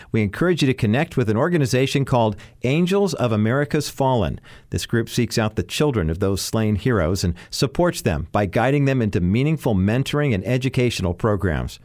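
A man reading a scripted radio announcement in a steady, earnest way. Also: fairly low pitch, dry recording, clean studio sound.

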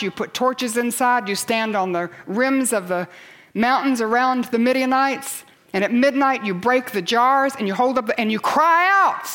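A woman with a slightly high voice preaches a sermon to a church congregation, rising to loud cries and then falling to near whispers.

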